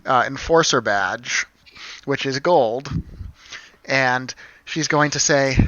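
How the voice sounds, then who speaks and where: A man narrating a tabletop game as game master, unhurried, with many ums. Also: medium pitch, bright, forceful tone, dry recording, lo-fi sound.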